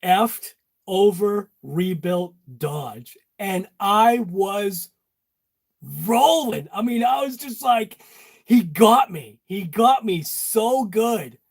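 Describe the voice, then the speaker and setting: A man's voice: high-pitched, animated, slow, slightly rough. A man hosting a casual chat in his garage workshop, joking and talking to viewers by name. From Massachusetts. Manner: jokey, talks to viewers by name. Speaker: channel host.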